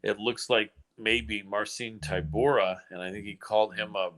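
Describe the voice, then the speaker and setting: American man, podcast host, bright clear voice, chatty, laughs a lot. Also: on the low side, moderate pace. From United States. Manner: chatty, laughs often, excitable. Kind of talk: casual podcast chat.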